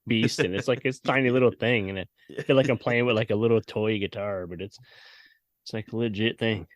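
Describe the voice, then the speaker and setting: A man's voice: fairly low pitch, fairly even intonation, a little fast, no echo. A man co-hosting a podcast, laid-back and jokey, swearing casually in chat. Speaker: podcast co-host.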